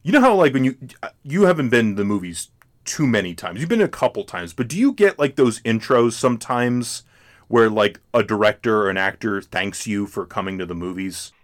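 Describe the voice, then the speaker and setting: Brief: male podcast host, lively pitch swings, rambling casual chat. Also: brisk. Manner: rambling, lots of restarts and fillers, laughs often.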